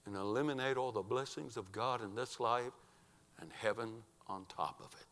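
A man preaching a sermon, telling a story dramatically and swinging from hushed near-whispers to loud emphatic cries. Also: on the low side, normal speed, long reverb tail.

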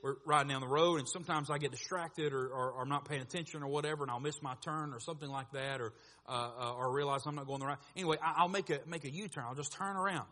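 A man preaching, his voice high and bright. He moves between quiet asides and loud, animated bursts, sometimes acting out other voices. The sound carries the long reverb of a church hall. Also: fast talker. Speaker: pastor. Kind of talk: sermon.

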